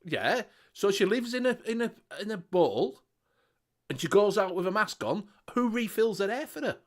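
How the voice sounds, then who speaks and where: A man's voice: high voice, expressive, normal speed. A man from the United Kingdom hosting a casual chat show, exasperated and swearing a lot. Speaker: host.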